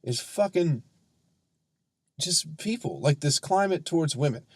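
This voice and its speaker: A man, a comedian hosting his own podcast, ranting heatedly and sarcastically with lots of profanity and drawn-out emphasis. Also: on the high side, expressive, breathy edge, no echo. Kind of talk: ranting solo podcast monologue.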